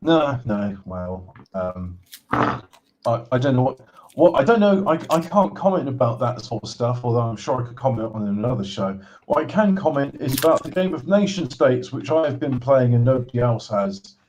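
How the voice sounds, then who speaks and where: A man's voice: medium pitch, rough recording. Stammering man hosting a stream. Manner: halting, stammering, with deadpan sarcastic jokes. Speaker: livestream game show host. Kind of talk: casual livestream chat.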